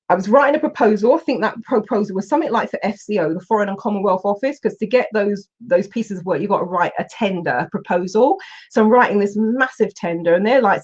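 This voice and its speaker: A woman, a coach telling stories in an animated way, with exclamations and restarts. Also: mid-range voice, husky, muffled recording. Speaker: coach and Huna teacher. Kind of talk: storytelling in a recorded online session.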